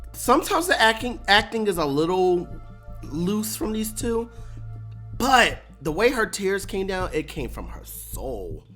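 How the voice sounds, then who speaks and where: A host giving a casual, animated breakdown of a TV episode, laughing often and acting out lines. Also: mid-range voice. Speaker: show recap host.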